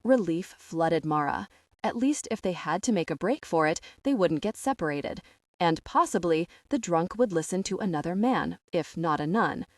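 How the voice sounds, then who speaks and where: Lively low-voiced woman narrating a story. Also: moderate pace, dry recording, clean studio sound. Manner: expressive, voices each character. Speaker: audiobook narrator. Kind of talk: scripted narration.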